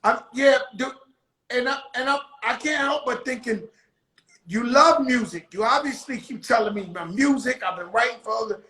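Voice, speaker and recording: Loud, high-voiced man host in echoey room. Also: normal speed. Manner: loud, excitable, slangy. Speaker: interviewer host. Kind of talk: casual interview chat.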